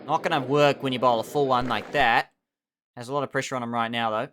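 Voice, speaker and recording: A young man giving excitable, animated play-by-play commentary over a cricket management game. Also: mid-range voice, fast, slight background noise. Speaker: gaming channel host.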